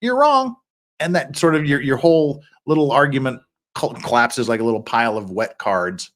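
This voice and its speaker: A man's voice: medium pitch, fairly even intonation, a little fast. A middle-aged man hosting a legal commentary stream, reading court filings aloud with sarcastic, wry asides.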